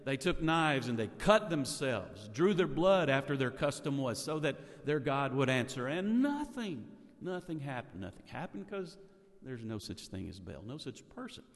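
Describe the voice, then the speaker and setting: Brief: male preacher, storytelling sermon with rhetorical questions, mid pitch, long hall echo. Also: big pitch swings, moderate pace.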